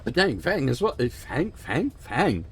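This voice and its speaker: A man's voice: mid-range voice, very animated, a little slow, fairly bright tone. Rambling, swearing male game streamer. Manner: rambling, emphatic, swears often. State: emotional, choked up. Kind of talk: casual livestream commentary.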